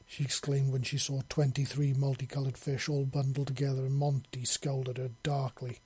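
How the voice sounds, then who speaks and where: A man narrating a story in an even, unhurried read. His voice is mellow and dark with a husky edge. The recording is dry and close. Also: medium pitch, no room sound. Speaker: audiobook narrator.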